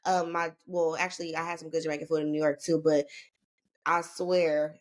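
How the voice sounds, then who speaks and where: Norcal woman just chatting on a podcast, kinda low voice, slangy and rambly, lots of ums. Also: flat delivery, moderate pace. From Northern California. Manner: laid-back, slangy, rambling with fillers. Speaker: podcast guest. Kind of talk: casual chat.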